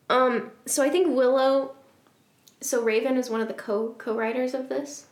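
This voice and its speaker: A woman's voice: a little high, steady tone, a little slow, pauses often. A woman podcast host reading fan fiction aloud for laughs, with amused asides. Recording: roomy echo.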